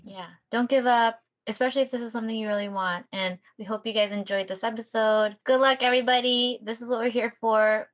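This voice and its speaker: A woman co-hosting a casual podcast, talking in an upbeat way and acting out quoted feelings with lively swings. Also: a little high, fairly quick, few pauses. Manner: upbeat, acts out excited quotes. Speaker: podcast co-host, sonographer.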